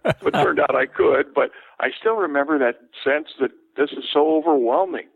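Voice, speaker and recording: An older man, a veteran sports broadcaster, telling relaxed anecdotes as an interview guest. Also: medium pitch, dry recording. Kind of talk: casual interview, storytelling. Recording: tinny phone line, dry.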